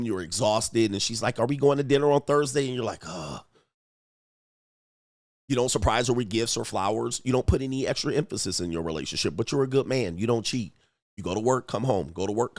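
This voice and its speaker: A man's voice: fairly low pitch, no room sound. Blunt, profane man coaching, dry sound. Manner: blunt and profane, mimicking men in quotes. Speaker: relationship coach and commentator. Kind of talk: casual commentary reacting to online comments.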